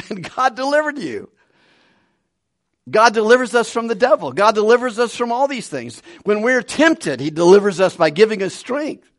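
A man preaching a conversational Bible study sermon with animated delivery and frequent chuckles. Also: high-pitched, dry recording, studio quality. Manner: conversational, animated, laughs between points.

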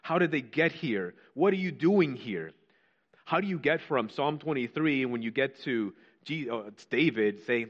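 Male preacher, mid-range voice, fervent questions, hushed quotes, slightly muffled recording. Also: medium pitch, expressive, normal speed. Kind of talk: sermon.

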